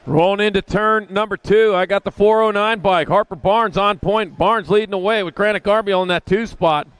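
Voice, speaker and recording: A man's voice: high voice, moderate pace, fairly bright tone, clean tone, no echo. A man calling a kids' bike race live, folksy and chatty, with rambling asides. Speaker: race announcer. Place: outdoor race track.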